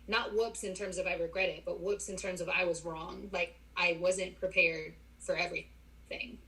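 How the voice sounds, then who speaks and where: A woman, a clinical psychologist, chatting as a podcast guest, animated and laughing often as she tells stories. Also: lowish voice, moderate pace, poor audio. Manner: animated storyteller, laughs often, quotes her parents. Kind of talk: casual podcast conversation. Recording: audio-only podcast.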